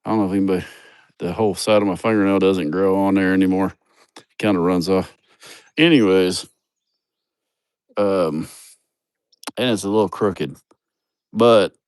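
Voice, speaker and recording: Guy on a phone livestream outside, lowish voice, cussing and rambling, dry sound. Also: darkish tone, clean tone, dry recording. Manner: rambling and profane, laughs at his own stories. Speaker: vlogger showing a building project. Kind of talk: casual livestream chat. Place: outdoors at a building site.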